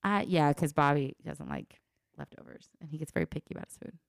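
A woman in her thirties co-hosting a podcast, relaxed and laughing easily. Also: low-pitched, fairly quick, vocal fry, dry recording, studio quality. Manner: easygoing, laughs often. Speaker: podcast co-host. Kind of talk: casual chat.

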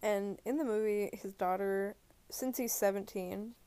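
Lying down alone in her bedroom, a woman who reviews movies rambles casually about films, her thoughts wandering through fillers and restarts. Her medium-pitched voice is dark in tone, with a gravelly, creaky edge, and she speaks a little slowly.

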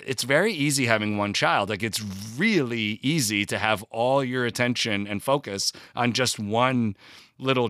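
A man's voice: medium pitch, bright, forceful tone, no echo, studio quality. A man, an actor and comedian in his forties, telling self-deprecating stories in a casual chat and swearing freely. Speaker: podcast guest, comedic actor.

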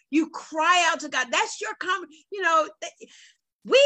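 A woman's voice: high-pitched, expressive, measured pace, pushed and bright, low-quality recording. A woman hosting a live online book talk, emphatic and affirming as she introduces authors.

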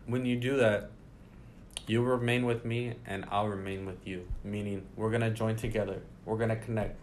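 A man's voice: on the low side, little pitch movement, normal speed, a little hiss or hum. A man leading a casual Bible study, reading passages aloud and then explaining them in his own words. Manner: reads scripture aloud then explains it conversationally.

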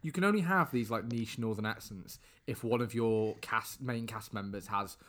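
A man's voice: on the low side, normal speed, a bit bright. A man hosting a casual podcast chat, joking and rambling with restarts. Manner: rambling, self-correcting, joking. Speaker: podcast host.

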